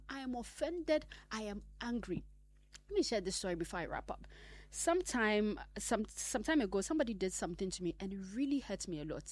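A woman preaching a sermon, swinging between loud exhortation and hushed whispers. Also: medium pitch.

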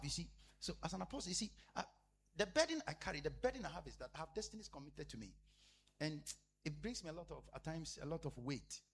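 A man preaching a sermon as a pastor, repeating phrases emphatically and swinging between loud declarations and hushed asides. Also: medium pitch, vocal fry, slight background noise.

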